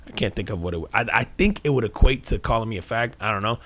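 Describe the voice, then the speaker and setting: A man's voice: fairly low pitch, quick pace. A man co-hosting a podcast, telling stories in casual chat, laughing often and calling his friend "bro". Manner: animated storyteller, says "bro" a lot, laughs often. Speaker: podcast co-host.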